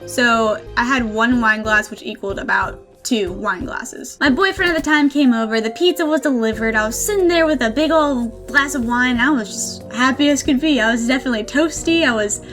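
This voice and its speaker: A woman's voice: a little high, fairly quick, hardly any pauses, a bit bright, faint music behind. A woman in her twenties telling a personal story in a casual vlog, chatty and self-deprecating, laughing often. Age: 20s. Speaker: gaming channel host.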